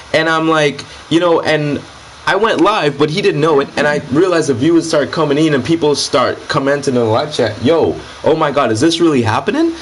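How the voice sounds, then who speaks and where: A man's voice: a little high, a little hiss or hum. A young man, a gaming YouTuber, telling a story in a casual, boastful, slangy way during an interview.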